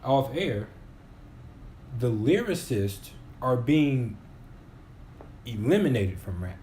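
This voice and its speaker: A man's voice: mid-range voice, sing-song, takes it slowly, warm tone, slight background noise. A man in his twenties co-hosting a podcast, casually arguing his opinions and restarting sentences as he builds his points. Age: 20s. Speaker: podcast co-host. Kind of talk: casual chat.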